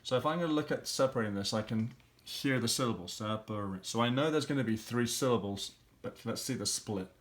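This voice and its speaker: A man's voice: mid-range voice, brisk. A man teaching, walking patiently through language exercises and thinking aloud as he works out each answer. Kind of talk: explaining language exercises step by step.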